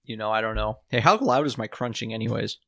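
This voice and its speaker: A man's voice: fairly low pitch, fast, creaky, sharp tone, no room sound. A tired man co-hosting a podcast in laid-back, rambling chat over a voice chat app. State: tired from little sleep. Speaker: podcast co-host. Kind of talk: casual chat. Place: home, talking over an online voice call. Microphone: computer mic on a voice chat app.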